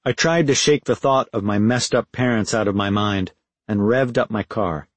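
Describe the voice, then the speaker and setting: A man reading a first-person audiobook in a measured, reflective way. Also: lowish voice, dry recording. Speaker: audiobook narrator.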